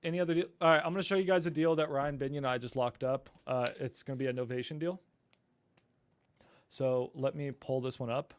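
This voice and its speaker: A man's voice: medium pitch, steady tone, brisk, clean tone. A man hosting a casual livestream, apologetic and flustered while he fights his equipment and talks to viewers. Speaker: livestream host.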